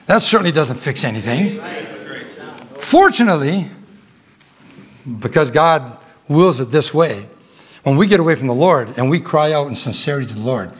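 Addressing his congregation directly, a middle-aged man in a slightly high voice rambles through a ranch tale in a folksy sermon, chuckling as he goes.

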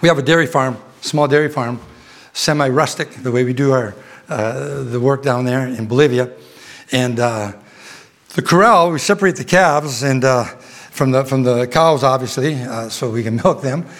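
A middle-aged man preaching a sermon, halting with restarts and fillers, then swelling with fervent emphasis. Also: medium pitch, a bit bright.

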